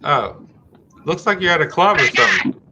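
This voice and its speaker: A man's voice: a little high, big pitch swings, normal speed, dull audio, heavy background noise. A middle-aged man hosting a live-streamed talk show in casual chat, rambling and restarting his sentences as he thinks aloud.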